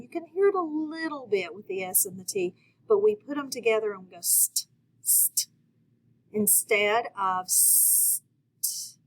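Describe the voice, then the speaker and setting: A woman's voice: fairly high pitch, pushed and bright, slight background noise, poor audio. A woman teaching a phonics lesson to children, speaking patiently and encouraging her viewers to answer. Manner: slow, patient, encouraging, talks to viewers directly.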